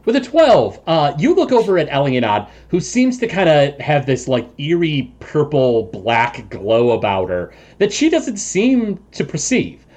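A man's voice: fairly high pitch, big pitch swings, a little slow, hardly any pauses, a little mellow. A man running a tabletop game as game master, describing the scene with frequent chuckles and filler words. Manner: chuckles often, many ums and restarts.

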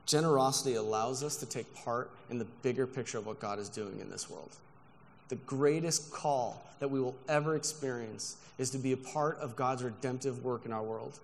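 A man's voice: mid-range voice, moderate pace, slight background noise. A man preaching a sermon with earnest emphasis, telling personal stories from the pulpit. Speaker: guest pastor. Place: church sanctuary. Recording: long reverb of a large church hall.

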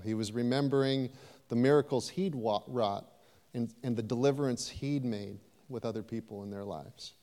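Male pastor, sermon, conversational, animated, church hall with long reverb, mid-pitched voice. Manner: conversational, animated preaching with asides to the congregation. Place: church sanctuary.

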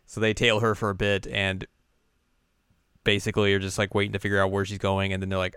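A young man co-hosting a podcast, rambling through a casual anime episode recap in an animated way. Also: lowish voice, fast, clear, resonant tone, dry recording, clean studio sound. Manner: rambling, animated, keeps slipping into character voices. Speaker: podcast co-host.

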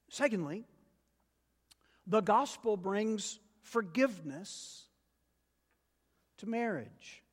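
A man preaches to his congregation in a high, unhurried voice that swells to loud, emphatic peaks. His words ring out with a long reverb that hangs in the sanctuary. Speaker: pastor. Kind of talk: sermon.

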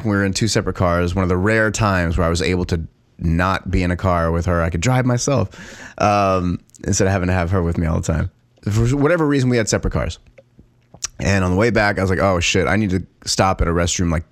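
A man's voice: sits low, no echo, studio quality. A man co-hosting a podcast, telling a long story in casual talk, swearing freely and laughing at his own tale. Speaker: podcast co-host.

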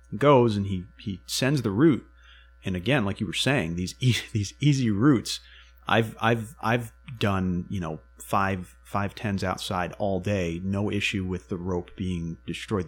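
A man telling a story in casual chat, animated and swearing freely, acting out what people said. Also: low voice, measured pace, husky.

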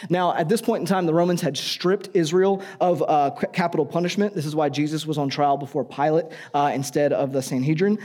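A man's voice: a little high, fairly even intonation, brisk, hardly any pauses, a little mellow. A man preaching a sermon in a conversational, joking way, often asking the audience questions.

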